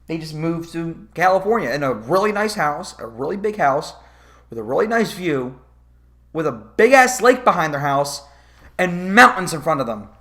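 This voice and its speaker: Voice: mid-range voice, normal speed. A vlogger ranting about a movie in a casual comedic review, swearing often and laughing. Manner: profane, animated, laughing.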